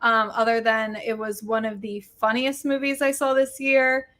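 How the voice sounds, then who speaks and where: Bright, higher-pitched chatty woman. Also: flat delivery, normal speed. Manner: chatty, filler-laden. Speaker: podcast co-host. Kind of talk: casual chat.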